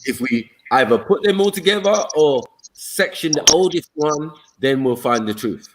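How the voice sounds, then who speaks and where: A man's voice: fairly high pitch, animated, moderate pace, slight background noise, rough recording. A man hosting a casual live-stream discussion, laid-back and repeatedly checking that listeners follow. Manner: laid-back, asks "do you get it?". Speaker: stream host. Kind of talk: casual group chat.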